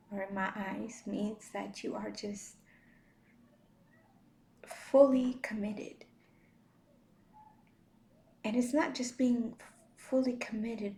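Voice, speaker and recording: Woman vlogger, slow and gentle faith talk, soft laughs and fillers, roomy echo. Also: a little high, gravelly. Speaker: vlogger sharing faith reflections. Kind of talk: casual devotional talk.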